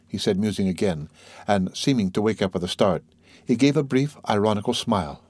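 A man narrating a literary audiobook in a measured, steady way. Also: lowish voice, dry recording.

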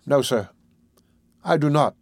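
A man's voice: a little high, animated, slow, creaky, no echo, full character voice. Man voicing a desperate young woman, storybook, agitated, hasty, defiant. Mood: fearful. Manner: agitated and hasty, with broken restarts. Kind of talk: audiobook character voice.

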